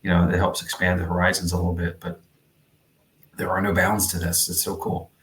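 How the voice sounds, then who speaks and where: A man's voice: sits low, completely flat delivery, a little fast, a bit bright, roomy sound. A man co-hosting a podcast in meandering, chatty conversation, full of fillers. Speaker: podcast co-host. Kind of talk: casual podcast chat.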